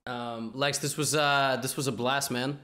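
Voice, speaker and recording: A man's voice: mid-range voice, steady tone, unhurried, bright, forceful tone. Laid-back male podcast host. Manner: laid-back, laughs often, casual slang. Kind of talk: casual podcast chat.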